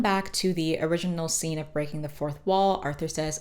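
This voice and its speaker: A woman's voice: deep voice, steady tone, moderate pace, hardly any pauses, a little mellow. A woman hosting a podcast, recapping a cartoon episode in casual, profane, joking chat with lots of fillers. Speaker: podcast host.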